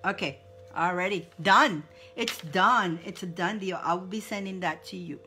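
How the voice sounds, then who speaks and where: A woman's voice: medium pitch, normal speed, music in the background. A woman hosting a live card reading for her viewers, effusive and exclaiming, repeating her words over and over. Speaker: psychic card reader, host.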